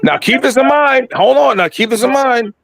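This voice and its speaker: A middle-aged man telling a story in casual podcast chat, animated and profane, acting out what people said. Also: very high-pitched, moderate pace, creaky, dry recording. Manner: animated, profane, acts out quotes.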